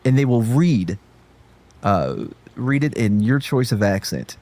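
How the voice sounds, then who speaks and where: A man's voice: mid-range voice, lively intonation, slow, darkish tone. A man hosting a casual livestream chat, joking and cursing and laughing often. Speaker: livestream host.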